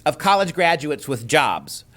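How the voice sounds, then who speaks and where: A man's voice: on the high side, huge pitch swings, unhurried, fairly bright tone. A man hosting a political talk show, speaking emphatically and often repeating key words.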